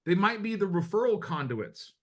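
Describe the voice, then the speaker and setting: A very animated, high, fairly bright male voice at a moderate pace belongs to a middle-aged man from the United States. He's giving a motivational talk to real estate agents, coaching them bluntly and conversationally with a bit of mild swearing.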